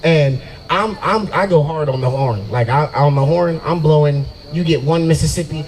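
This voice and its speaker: A man's voice: fairly high pitch, moderate pace, few pauses, a little hiss or hum, low-quality recording. A young man doing a brash, profane stand-up set at an open mic night in a brewery and riffing with the crowd. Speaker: stand-up comedian.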